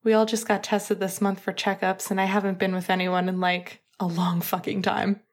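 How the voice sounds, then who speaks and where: A woman reading out a nervous, affectionate young man in a story, rushed and hesitant. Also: medium pitch, little pitch movement, natural voice. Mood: tender.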